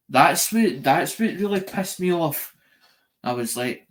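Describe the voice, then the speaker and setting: Sweary rambling man, slightly high voice. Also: moderate pace. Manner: sweary, repetitive, restarts often. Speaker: live streamer. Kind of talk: rambling live-stream monologue.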